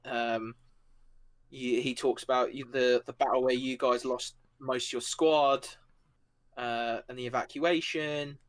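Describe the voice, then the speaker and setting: A man's voice: medium pitch, fairly even intonation, unhurried. A man narrating a tabletop game as game master, loose and full of fillers.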